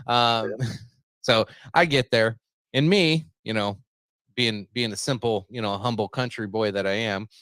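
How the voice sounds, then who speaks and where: A man's voice: on the low side, unhurried, fairly bright tone, dry recording. A man hosting a podcast, telling a long story in a casual, rambling, profane way and laughing at his own jokes. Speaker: podcast host.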